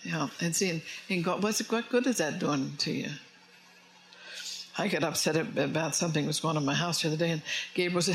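A man's voice: a little high, brisk, a bit bright, low-quality recording. A man preaching a conversational sermon as pastor, joking and asking his congregation questions. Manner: chatty, jokes and asks the congregation questions. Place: church before a congregation.

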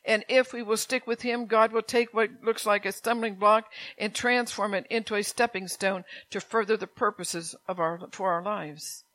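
A woman's voice: medium pitch, steady tone, normal speed, hardly any pauses, a bit bright. An older woman preaching a sermon in a conversational way, with rambling asides and impassioned prayers she voices aloud.

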